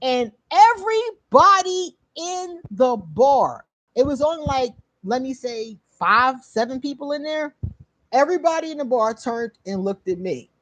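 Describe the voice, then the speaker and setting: Lively, high-voiced woman telling a story. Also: a little slow, no echo. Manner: animated, laughing often, swearing freely; talks straight to viewers. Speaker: channel host. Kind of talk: casual storytelling to camera.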